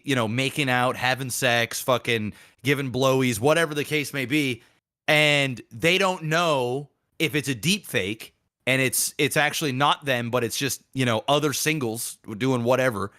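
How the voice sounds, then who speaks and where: A man co-hosting a casual podcast, telling stories with lots of swearing and acting out the people he quotes. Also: medium pitch. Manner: animated storyteller, profane, acts out quoted people. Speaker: podcast co-host.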